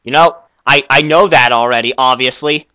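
A young man hosting a comedic game skit, excitable and easily flustered, stammering often. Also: mid-range voice, normal speed, clear, resonant tone, no room sound. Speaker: video creator.

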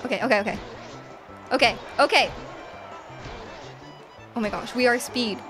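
Excitable high-voiced woman streamer. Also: moderate pace, over music. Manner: excitable, reads chat aloud, laughs often. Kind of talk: live gameplay chat.

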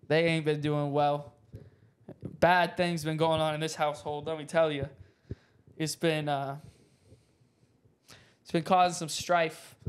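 A young man co-hosting a podcast, telling stories in a slangy, joking, animated way. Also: a little high, clear, resonant tone. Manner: animated storytelling, slangy, jokey. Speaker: podcast co-host. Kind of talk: casual chat.

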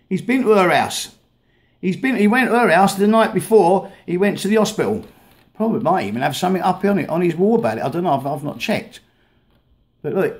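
A vlogger ranting angrily while playing clips of videos, swearing heavily and stumbling over repeated words. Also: male voice, high-pitched. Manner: swears heavily, halting and repetitive. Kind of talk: angry rant over played videos.

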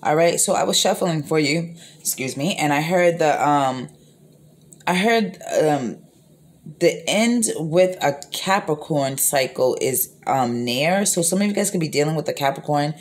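A woman's voice: sits low, lively intonation, a little slow. Rambling woman giving a tarot reading. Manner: rambling, repeats herself, frequent fillers; profane, blunt. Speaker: tarot reader. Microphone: phone.

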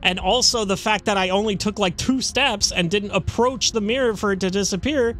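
A man's voice: sits high, normal speed, fairly bright tone, a little hiss or hum. A young man playing a horror game, commenting casually and bluntly, swearing and joking back at the narrator. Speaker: let's-play host.

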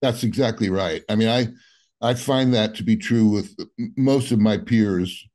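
A man in his seventies, a guest musician chatting casually in an interview, rambling along with lots of "you know" and soft laughs. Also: on the low side, moderate pace. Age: 70s.

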